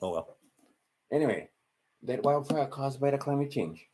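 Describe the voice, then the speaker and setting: A man with a Hawaiian Pidgin accent and a mid-range, dark-toned voice talks at normal speed in an animated way. Hosting his channel, he rambles through a solo monologue, correcting himself and addressing the listener in asides.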